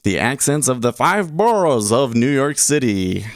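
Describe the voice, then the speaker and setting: Dry gravelly male livestreamer. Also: medium pitch, big pitch swings, unhurried, dry recording. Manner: rambling, self-interrupting. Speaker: livestream host. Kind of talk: casual livestream chat.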